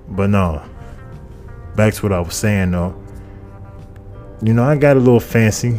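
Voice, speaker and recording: Male podcast host, low dark voice, swears constantly and rambles, faint music behind. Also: moderate pace, pauses often. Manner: profane, rambling, repeats phrases. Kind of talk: casual comedic monologue.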